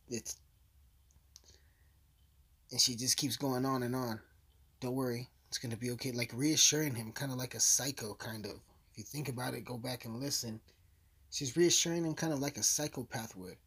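A man's voice: medium pitch, fairly bright tone, breathy edge. A man giving a casual, blunt, profane recap of a crime case, rambling as he goes. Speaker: true-crime commentator.

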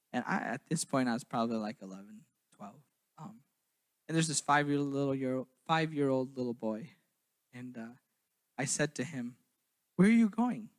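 A young man from southern Minnesota preaching a sermon, then telling his own story in a quieter, halting way. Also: on the high side. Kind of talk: sermon with personal testimony.

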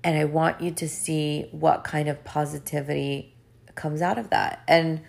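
A woman's voice: low-pitched, steady tone, a little slow, gravelly, a little mellow. A woman hosting a podcast as a life coach, talking earnestly and with emphasis, often repeating her phrases. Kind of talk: motivational podcast monologue.

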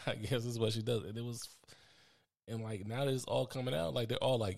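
A man's voice: mid-range voice, steady tone, brisk, vocal fry, a little mellow. A man co-hosting a podcast, telling stories in a loose, slangy, casual way. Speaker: podcast co-host. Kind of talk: casual chat.

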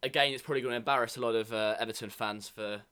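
A man's voice: mid-range voice, steady tone, very fast, sharp tone, slight background noise. A man from England co-hosting a casual podcast, rambling with many ums and restarts. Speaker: podcast co-host. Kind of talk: casual banter.

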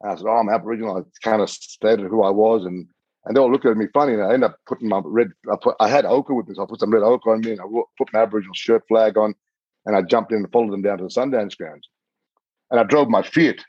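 A man, a podcast guest, telling a story in an earnest, animated way. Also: lowish voice, fast talker, husky, dry recording, muffled recording. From Australia. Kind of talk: storytelling in conversation.

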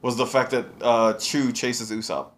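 A man's voice: mid-range voice, unhurried. Casual, swearing man on a podcast. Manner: profane, laughing, explains story lore. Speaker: podcast co-host. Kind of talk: casual watch-along chat.

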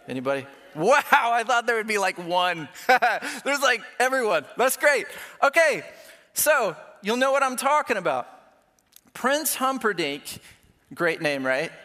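Pastor preaching, man, unhurried delivery, reverberant church hall, chatty and self-mocking. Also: very high-pitched, very animated, bright, forceful tone. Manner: conversational, self-deprecating, with playful quoted asides. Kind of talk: sermon.

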